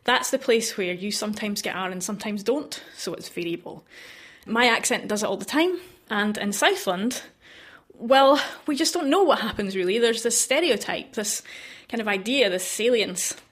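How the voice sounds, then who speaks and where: A woman linguistics researcher explaining her work in an interview, lively and quick to laugh. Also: mid-range voice.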